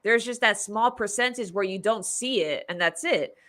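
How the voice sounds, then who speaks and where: Woman, podcast host, casual chat, rambling, laughs a lot, bright voice. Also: medium pitch, normal speed. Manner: chatty, rambling, laughs often. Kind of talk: casual movie review chat.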